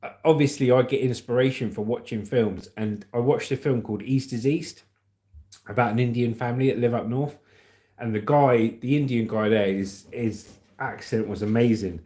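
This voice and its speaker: A man hosts a relaxed livestream, reading out viewers' comments and laughing along. His voice sits at an ordinary middle pitch. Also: normal speed. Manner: reads chat aloud, laughs often. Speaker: livestream host. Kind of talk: casual livestream chat.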